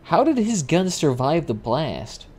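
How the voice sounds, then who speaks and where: Young man, game streamer, casual live commentary, swears a lot, excitable reactions. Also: fairly high pitch, unhurried, soft background music.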